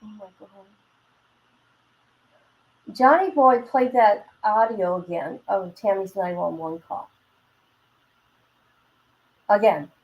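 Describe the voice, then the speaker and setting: Female host, casual commentary, unhurried delivery, dry exasperated asides. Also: medium pitch, a little mellow, rough recording. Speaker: livestream host. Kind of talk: casual chat commenting on a trial.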